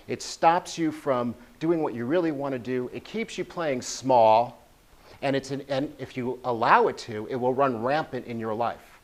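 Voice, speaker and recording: A man's voice: mid-range voice, normal speed. A man giving a prepared motivational speech at a speaking club, earnest and repeating key phrases for emphasis.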